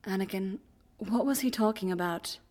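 A weary, stern woman Jedi master, played by a woman narrator, clipped and reproachful. Her words come measured and grave in an audiobook reading. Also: lowish voice, little pitch movement, close to an everyday voice. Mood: gentle, grave. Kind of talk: audiobook reading of fan fiction.

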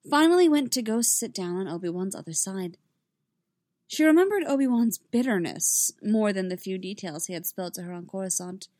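A woman reading a story aloud in an even, unhurried narration. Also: medium pitch, no echo, studio quality. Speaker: reader. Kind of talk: reading fan fiction aloud.

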